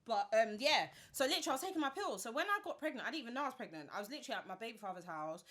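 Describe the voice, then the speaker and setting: A woman's voice: on the high side, lively intonation, rapid-fire, fairly bright tone. A woman in her twenties with a London accent, telling her story animatedly with plenty of slang as a podcast guest. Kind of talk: casual chat.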